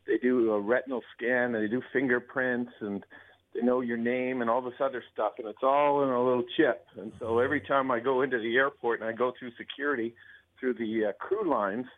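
A man's voice: mid-range voice, fairly even intonation, a little fast, dry recording. A man, an airline pilot from North America, chatting casually as a radio guest. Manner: easygoing, laughs along, tries silly accents. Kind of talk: casual radio chat by phone. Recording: phone line.

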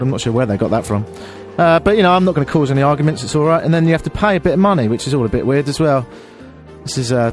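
A man telling an exasperated, self-deprecating story on air as a radio host. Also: medium pitch.

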